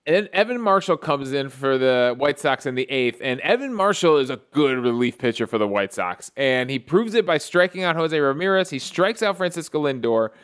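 A man with a smooth, clear voice pitched a little high walks through a game recap on his own show. He tells it like play-by-play, keeps getting excited, and often restarts a sentence mid-thought. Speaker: podcast host. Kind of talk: casual solo game recap.

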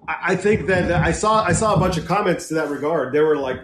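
A man's voice: fairly high pitch, animated, quick pace, fairly bright tone, slight background noise. A man from California in casual chat, enthusiastic and playful. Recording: echoey room.

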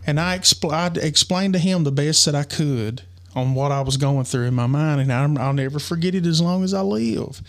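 Earnest man telling a story. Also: fairly high pitch. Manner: earnest, halting, many restarts. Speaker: podcast co-host. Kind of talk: personal storytelling.

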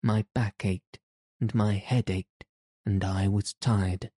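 Man reading a whiny spoiled sick kid, low dark voice, slow. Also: fairly even intonation, dry recording, clean studio sound. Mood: sulky. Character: sickly spoiled petulant young boy.

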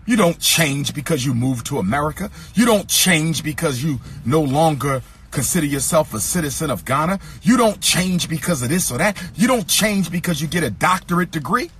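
A man giving an impassioned speech, repeating lines in an emphatic rhythm and sometimes singing or shouting phrases. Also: fairly high pitch, animated, normal speed, hardly any pauses, faint music behind. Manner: occasionally sings or shouts phrases. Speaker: speaker addressing an audience.

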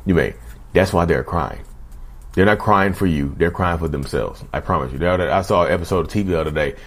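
Deep-voiced man. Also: fast. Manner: conversational, keeps addressing viewers as "y'all". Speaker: vlogger talking about narcissism. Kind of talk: casual direct-to-camera monologue.

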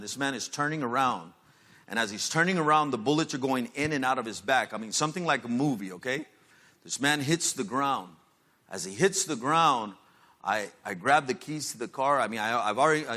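A man, a pastor, giving a sermon testimony in casual street slang, building up to loud, emotional peaks. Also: medium pitch. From Los Angeles, USA.

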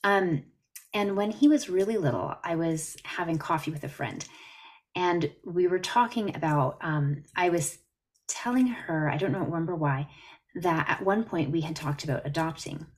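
On a podcast interview conducted by video call, a therapist from Canada speaks earnestly, explaining things and telling stories as a guest. She talks at normal speed in a voice that runs on the low side.

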